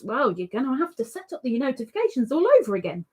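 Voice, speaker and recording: A woman's voice: a little high, very animated, fast, few pauses, a little mellow, husky. A woman hosting a casual live stream, reading chat messages aloud in a chatty, teasing way. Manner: chatty, teasing, playful sing-song asides. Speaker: livestream host reading chat.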